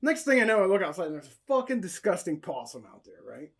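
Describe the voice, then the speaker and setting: Laid-back man with a lively voice. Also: high voice, fast. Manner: laid-back, laughs along, teasing asides. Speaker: podcast co-host. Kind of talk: casual chat.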